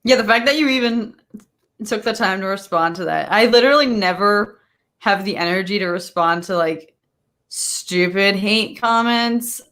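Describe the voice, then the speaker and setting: A woman co-hosts a casual livestream in a mid-range voice. She is chatty and agreeable, quick to back up her co-host. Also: mid-range voice, a bit bright. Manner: chatty, agreeing, laughs often.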